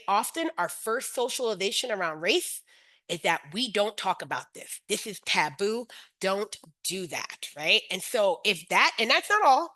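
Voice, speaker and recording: A woman's voice: medium pitch, pushed and bright, rough recording. A middle-aged woman presenting an educational webinar as a teacher educator, often checking in with her listeners by asking "right?".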